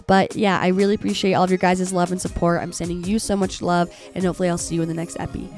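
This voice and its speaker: Hoarse young woman hosting a chatty podcast. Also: fairly low pitch, flat delivery, fast talker, a little mellow, faint music behind. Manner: chatty, earnest, heavy use of "like". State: hoarse from being sick. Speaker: podcast host. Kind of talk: solo motivational podcast talk.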